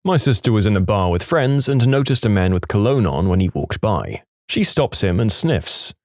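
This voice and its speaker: A man's voice: lowish voice, moderate pace, few pauses, no room sound, clean studio sound. A man reading funny short stories aloud as a narrator, with wry asides and acted-out quotes. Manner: lively storytelling, acts out quotes, wry asides. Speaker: storytime narrator.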